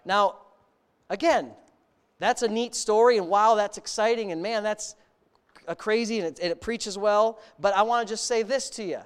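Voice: mid-range voice, normal speed, clear, resonant tone. A preacher giving a sermon, reading a story aloud and stopping to comment and ask the congregation questions, in an earnest, emphatic way.

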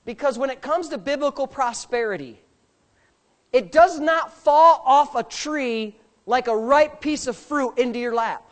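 A man preaches a sermon inside a church sanctuary, speaking emphatically and a little slowly. His volume swings from loud bursts to quiet asides, and he slips in jokes along the way.

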